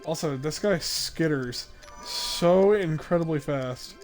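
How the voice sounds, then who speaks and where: Young male streamer, loose off-the-cuff commentary full of fillers, a touch higher-pitched, quiet game music underneath. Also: slow. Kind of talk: casual live-stream commentary.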